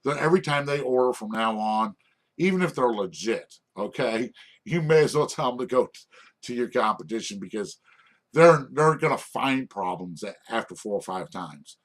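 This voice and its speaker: A man's voice: medium pitch, animated, normal speed. A middle-aged man giving an informal lesson on restaurant management, rambling and checking in with "okay?" after most points. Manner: rambling, repeats "okay?" often, frequent restarts.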